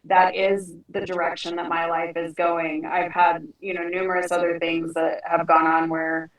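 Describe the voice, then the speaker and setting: A middle-aged woman, a podcast guest, telling a personal story in a lively, frank way and acting out the dialogue. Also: lowish voice, moderate pace, reverberant, distant mic, low-quality recording. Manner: animated, acts out dialogue with frank language. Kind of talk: conversational storytelling.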